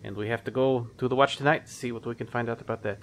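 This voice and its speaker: A man voicing a calm, grave male adventurer who explains things in a measured way. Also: mid-range voice, a little hiss or hum, close to an everyday voice.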